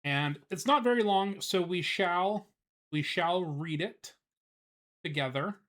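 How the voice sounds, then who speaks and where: A man's voice: high voice, a bit bright. A man on a live stream, chatting casually with lots of fillers before reading a children's book aloud. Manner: casual, filler-heavy, unhurried, swears.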